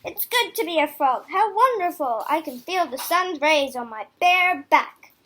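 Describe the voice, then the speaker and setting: A woman's voice: high voice, expressive, a bit bright. A woman voicing a cold, gloomy little male frog who drags out his complaints. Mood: joyful. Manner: plaintive, drawn-out complaining.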